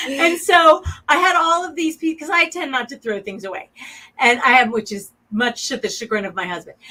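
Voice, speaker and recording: A woman's voice: high voice, bright, forceful tone, rough recording. Chatty, effusive middle-aged woman. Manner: chatty and effusive, gets emotional. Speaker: guest artist. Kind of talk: radio interview.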